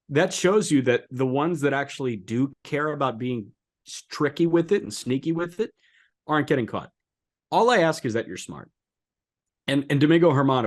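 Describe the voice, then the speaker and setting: A man co-hosting a casual sports podcast, talking in an animated, incredulous way and jumping to high, emphatic pitch when he makes a point. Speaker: co-host.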